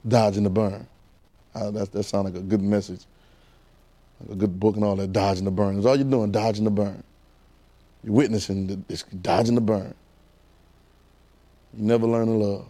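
A man preaching a conversational sermon, animated and repetitive, firing rhetorical questions at his congregation. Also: fairly low pitch, normal speed, long pauses.

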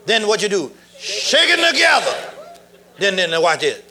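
A middle-aged man preaching a sermon, animated, laughing and shouting as he goes. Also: high-pitched, a little slow.

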